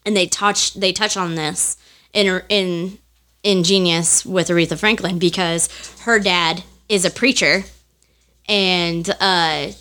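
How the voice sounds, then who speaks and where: A woman's voice: lowish voice, steady tone, takes it slowly, sharp tone. A woman in her thirties co-hosting a podcast, chatting casually and animatedly, laughing and swearing freely. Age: 30s. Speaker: podcast co-host. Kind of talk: casual chat.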